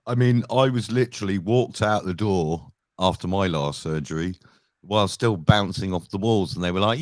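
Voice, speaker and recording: A man's voice: sits low, normal speed, no echo, clean studio sound. A man in casual chat, blunt and sweary, ranting about hospital treatment. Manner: blunt, sweary, expressive ranter. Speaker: protester chatting.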